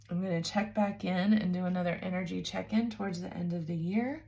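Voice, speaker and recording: Her voice lowish and creaky, a woman offers a tender spiritual tarot reading, addressing the listener as "babes." She sounds soft, nurturing, emotional, and close to tears.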